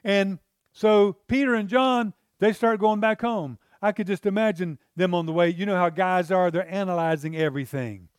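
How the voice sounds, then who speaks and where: A man's voice: high voice, moderate pace, smooth, dry recording, studio quality. A man preaching a sermon in a conversational way, acting out the lines of the people in the story. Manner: conversational, acts out the disciples' lines in character.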